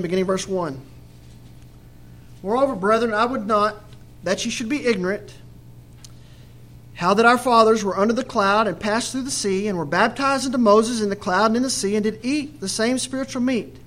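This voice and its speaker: High-voiced man preaching scripture. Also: fairly bright tone, a little hiss or hum. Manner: reads scripture then explains it with questions to listeners; acts out the Israelites' complaints in quoted voices. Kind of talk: Bible study sermon.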